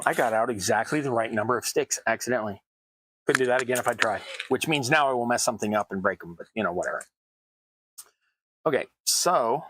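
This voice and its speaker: A man's voice: lowish voice, a bit bright, a little hiss or hum, rough recording. A man hosting a terrain crafting channel, talking through his work in a chatty, self-mocking way at a home workbench. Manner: chatty, self-mocking asides while working. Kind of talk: casual crafting tutorial talk.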